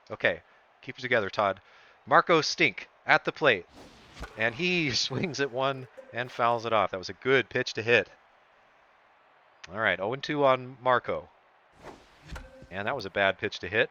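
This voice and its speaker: Excitable man calling a video game ballgame. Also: mid-range voice, unhurried, long pauses, highs cut off. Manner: excitable, voice jumps up on big plays. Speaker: streamer doing play-by-play. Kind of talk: sports-style play-by-play commentary of a video game.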